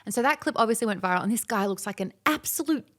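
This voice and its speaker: A woman guest in an interview, chatting casually and telling stories with animated, acted-out quotes. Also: a little high, rapid-fire. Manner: animated storyteller who acts out quoted dialogue.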